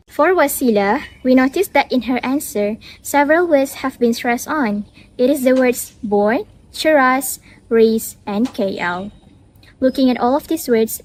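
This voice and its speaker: Young woman, Malaysian English accent, high voice, scripted student presentation, careful measured reading. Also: a little mellow, rough recording. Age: young adult. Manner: reads word lists in a careful, measured cadence.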